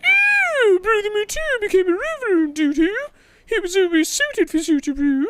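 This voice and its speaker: A man voicing a gentle, sly elderly nun in a high falsetto while reading game dialogue. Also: animated, fairly quick.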